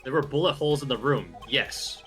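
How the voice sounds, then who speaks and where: A man's voice: mid-range voice, animated, brisk, a bit bright, faint music behind, close to an everyday voice. A man voicing an earnest young male defense attorney, pointed and dramatic. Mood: pressing.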